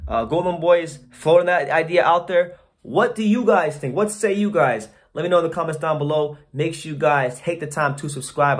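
A man with a fairly high-pitched voice hosts a boxing channel, offering his viewers casual, opinionated commentary. He's slangy and blunt, often repeating and restarting words.

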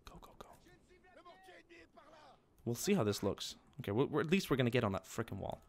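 A young man giving live commentary on a strategy war game, yelling and swearing at his troops one moment and muttering quietly the next. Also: medium pitch, a little fast, creaky. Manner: excitable, swears and yells at his units, drops to quiet mutters. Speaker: gameplay commentator.

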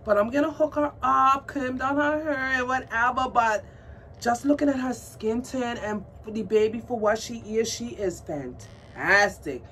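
A woman vlogging about her doll collection in a casual unboxing chat, gushing and excitable, cooing at a doll in baby talk. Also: fairly high pitch, a little slow. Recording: distant mic with faint background noise.

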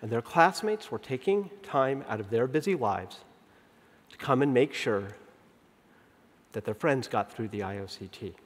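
A man in his fifties giving a conference keynote. He tells stories in an animated way, acts out the dialogue, and slows down to stress key points. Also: medium pitch, slightly rough. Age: 50s. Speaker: keynote speaker. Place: large conference venue. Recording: long reverb of a big hall.

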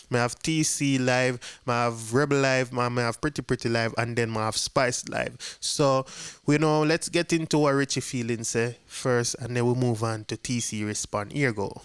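A man's voice: medium pitch, a bit bright, clear, resonant tone, dry recording, studio quality. A man with a Jamaican accent hosting an online gossip show, recapping the news in casual patois. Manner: chatty patois commentary. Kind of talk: casual commentary.

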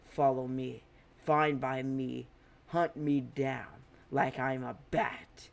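A man voicing a brooding, smug teenage vigilante in a bat suit, speaking loud, slow and menacing. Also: mid-range voice. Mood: threatening.

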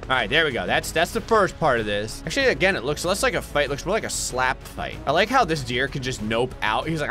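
A man's voice: medium pitch, big pitch swings, a little fast, pushed and bright, soft background music. A man giving comedic, jokey let's play commentary, talking back to game characters. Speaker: gaming YouTuber.

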